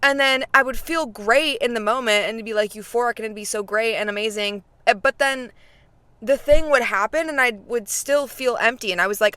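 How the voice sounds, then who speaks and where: Talking straight to her audience, this woman in her twenties is a faith vlogger whose casual chat is full of fillers. Her fairly high voice runs a little fast, with a bright, forceful, smooth tone and no room sound.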